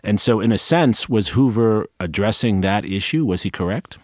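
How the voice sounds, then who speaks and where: A man with a very low voice hosts a relaxed interview and puts long, reflective questions to his guest. His pitch swings a lot as he talks. The sound is close and dry, with no room around it. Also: normal speed, dry recording. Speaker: podcast host. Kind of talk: conversational interview.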